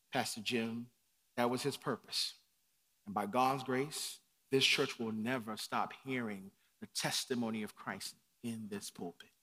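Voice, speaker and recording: A man preaching a sermon from the pulpit, dropping to hushed lines and climbing to shouts. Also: medium pitch. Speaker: pastor. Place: church sanctuary.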